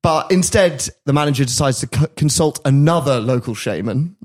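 A man's voice: on the high side, normal speed, few pauses. A man hosting a podcast, telling a story in casual chat and often laughing at his own asides. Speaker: podcast host.

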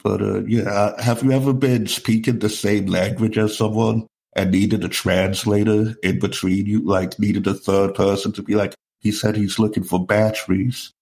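A man's voice: fairly low pitch, flat delivery, moderate pace, vocal fry, few pauses, darkish tone. A man with an English accent, a stand-up comedian co-hosting a podcast, chatting in a laid-back, self-deprecating way. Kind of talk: casual comedy podcast chat.

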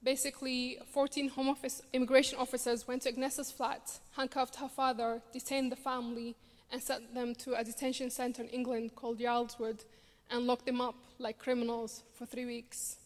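Her voice is a little high, with little pitch movement and a moderate pace. She is a woman in her twenties from Somalia with a Scottish accent, a refugee campaigner telling her own story earnestly and with dry humor on a theatre stage at a charity show, where a long hall reverb trails her words.

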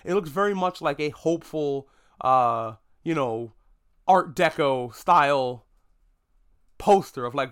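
A man hosting a podcast, giving a casual movie review monologue with animated, mock-outraged asides and swearing. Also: on the high side, slow, smooth. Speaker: podcast host.

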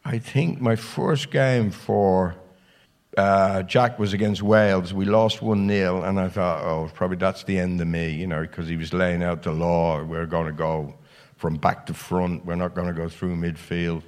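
A man's voice: low-pitched, fairly even intonation, a little slow, a little mellow. An older man in his sixties, a guest telling salty anecdotes with lots of swearing and restarts at a live show. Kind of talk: anecdotal storytelling.

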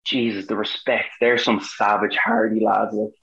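A man's voice: fairly low pitch, normal speed, creaky. Irish guy telling stories, does little voices for quotes, roomy muffled audio. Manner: animated storyteller, acts out quotes. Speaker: guest, actor. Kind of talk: casual chat.

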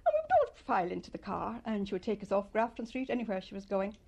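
An older woman from Ireland, fondly recalling her childhood in an interview and telling it in an animated way. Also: mid-range voice, fast talker, vocal fry, slightly rough. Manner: fond, animated storytelling with loud mimicry. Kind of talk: reminiscing interview.

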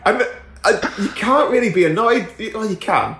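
A man telling stories in a casual podcast chat, animated, laughing often and acting out the voices of people he talks about. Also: high voice, normal speed, reverberant, slight background noise. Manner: swears casually. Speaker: guest storyteller.

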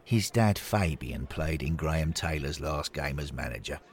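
A man voicing a kindly older male ghost who speaks gently and evenly, close to his own voice. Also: rumbling low, animated. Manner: gentle, measured.

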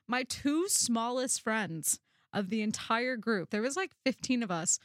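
A woman's voice: on the high side, measured pace, dry recording, clean studio sound. A young woman co-hosting a casual chat, telling a story with lots of energy, acting out what people said and swearing freely. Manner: animated storyteller, acts out quoted voices, swears freely. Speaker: podcast co-host.

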